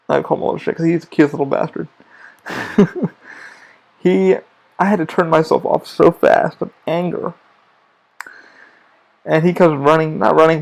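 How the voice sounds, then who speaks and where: A young man hosting his own podcast, rambling through work stories in an emphatic, profane way. His voice is gravelly and sits a little high. He talks casually, piling clause on clause as he tells a story. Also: darkish tone, poor audio. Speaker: podcast host.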